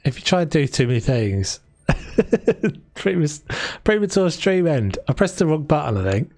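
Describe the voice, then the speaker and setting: A South London man with a London accent chats and rambles on a live stream as he builds in a game, often restarting his sentences. His fairly high voice is sing-song and a little mellow, at normal speed, with no room sound.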